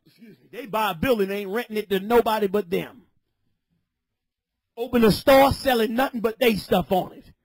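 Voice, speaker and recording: Shouting husky-voiced male preacher. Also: high-pitched, normal speed, long pauses, dry recording. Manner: shouting, scolding. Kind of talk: fiery sermon.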